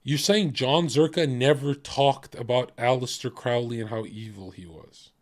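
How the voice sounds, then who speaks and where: A man's voice: medium pitch, normal speed. A man livestreaming who rants at his chat, swearing freely, combative and laughing often. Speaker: streamer reacting to chat. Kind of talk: casual livestream rant.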